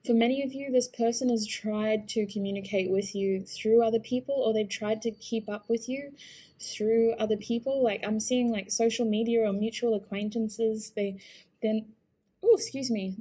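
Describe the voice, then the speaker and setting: A woman reads tarot cards for her viewers in a soft, earnest voice. She talks at a middling pitch for a woman. She hesitates and restarts often, with small sighs between thoughts, and sounds emotionally invested in what she passes on. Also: fairly even intonation, moderate pace. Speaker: tarot reader. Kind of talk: intuitive tarot reading.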